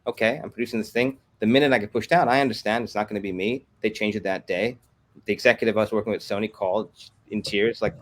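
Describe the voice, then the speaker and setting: Telling fast, animated anecdotes with acted-out quotes, a low-voiced comics company executive appears as a guest in a casual interview. Slight background noise can be heard.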